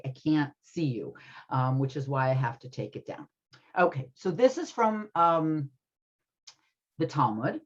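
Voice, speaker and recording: A woman teaching an adult ethics class online, talking in a chatty way with lots of fillers and often checking in with "right?". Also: sits low. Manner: chatty, many fillers, keeps asking "right?". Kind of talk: conversational online class lecture. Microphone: video call. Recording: dull lo-fi video call audio.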